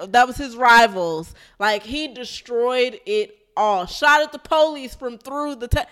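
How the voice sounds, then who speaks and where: A woman's voice: a little high, unhurried, hardly any pauses, a bit bright, clear, resonant tone. A woman in casual chat, animatedly retelling a wild story, swearing freely and calling her listener girl.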